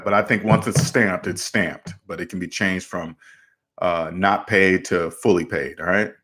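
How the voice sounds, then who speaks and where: A man's voice: fairly low pitch, a bit bright. Man giving blunt debt advice. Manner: direct and emphatic, repeats words. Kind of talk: livestream answering viewer questions.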